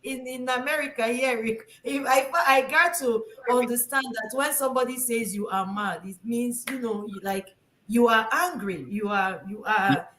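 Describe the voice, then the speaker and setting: A woman from Nigeria telling a personal story in casual chat, expressive and animated with frequent restarts. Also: on the high side, moderate pace. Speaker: host. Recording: echoey room.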